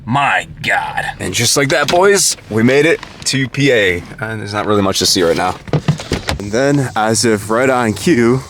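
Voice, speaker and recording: A man's voice: lowish voice, lively intonation, normal speed, noisy background. A young man vlogging in a casual, rambling way, joking and cutting himself off, recorded outdoors in a parking lot on an action camera. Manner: rambling, joking, self-interrupting. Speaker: motorcycle vlogger. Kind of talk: casual vlog chat.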